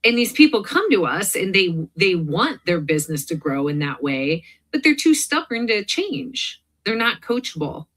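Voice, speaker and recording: Woman, interview host, casual, friendly, affirming, middle pitch. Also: big pitch swings, normal speed, hardly any pauses, fairly bright tone.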